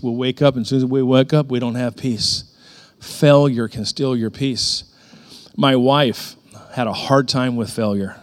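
A middle-aged male pastor preaching a sermon in a conversational storytelling way, with sudden emphatic rises in his voice. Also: mid-range voice.

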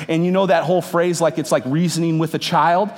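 A man's voice: on the high side, fairly even intonation, a little fast. A man in his thirties preaching a sermon to a congregation, conversational and joking with the room. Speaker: pastor. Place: church hall with congregation. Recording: reverberant hall.

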